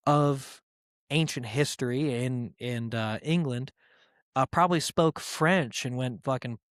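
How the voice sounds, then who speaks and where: A man's voice: medium pitch, no echo, clean studio sound. Casual, profane male podcast host. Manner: rambling and profane, with filler words; irreverent and joking.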